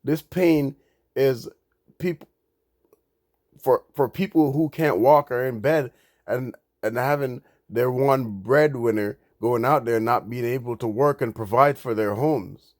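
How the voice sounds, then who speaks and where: A man gives heated commentary in a mid-pitched voice, recorded very dry and close. He is indignant, stumbling over restarts and climbing higher and louder as his anger builds. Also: slow pace, dry recording. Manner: indignant, restarts often, gets louder and higher when angry. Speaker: crypto commentator. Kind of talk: reading news and reacting.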